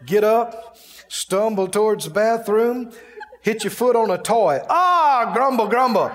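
A man delivers a sermon in a lively, playful manner, stopping to laugh now and then. His voice sits fairly high for a man. A long reverb hangs behind him, as in a large hall. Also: unhurried. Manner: playful, mimics grumbling, laughs often. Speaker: preacher.

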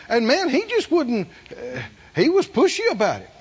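A middle-aged man preaching a sermon, folksy and animated, asking the congregation questions. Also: very high voice, moderate pace, breathy edge, lo-fi sound. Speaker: pastor.

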